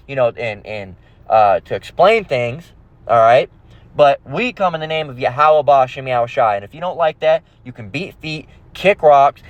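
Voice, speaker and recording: A man's voice: on the high side, dry recording. Brash, profane man ranting; dry close sound. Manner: aggressive, profane, repeats "all right?". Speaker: religious channel host. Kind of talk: ranting monologue.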